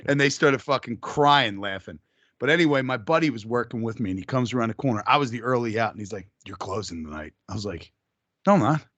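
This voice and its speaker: A man's voice: mid-range voice, fast, fairly bright tone, no echo, muffled recording. A man co-hosting a podcast, telling crude stories in casual chat and laughing hard at them. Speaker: podcast co-host.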